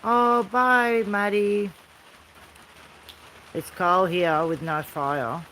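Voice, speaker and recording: Aussie lady vlogging outside in the rain, slow laid back rambly chat, faint rain hiss. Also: mid-range voice, fairly even intonation, fairly bright tone, poor audio. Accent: Australian. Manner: rambling, easygoing, talks to people off camera. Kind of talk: casual chat. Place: outdoors by a fire in the rain. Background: rain falling.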